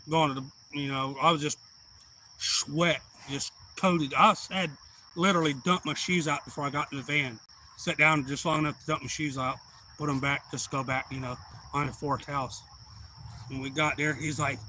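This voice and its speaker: A man's voice: medium pitch, fairly even intonation, normal speed, bright, forceful tone, a little hiss or hum, poor audio. A man, telling a rambling, profane story in a casual live-stream chat. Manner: rambling, blunt and profane, with heated retelling.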